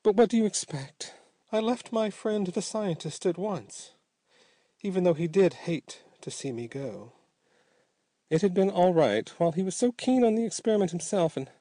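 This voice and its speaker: A man's voice: high-pitched, expressive, moderate pace, mellow, no room sound, voice pushed up. A man voicing a sardonic skeletal man back from the dead. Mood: offhand.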